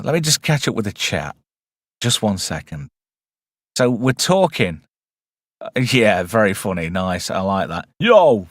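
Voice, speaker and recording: A man's voice: lowish voice, fairly bright tone, dry recording. Wry man, dry close sound. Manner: chatty and wry, rambling with asides. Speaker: host of a live movie review stream. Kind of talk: casual live-stream film commentary.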